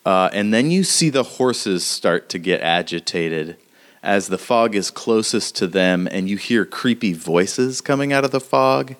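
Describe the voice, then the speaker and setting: A man's voice: on the low side, animated, unhurried. A man narrating a tabletop game as game master, in a casual way with lots of fillers.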